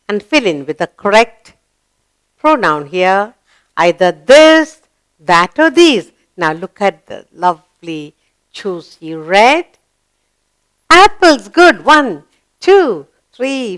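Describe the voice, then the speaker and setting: A woman's voice: fairly high pitch, a bit bright, clear, resonant tone. A woman teaching young children a grammar lesson, asking questions and praising each answer.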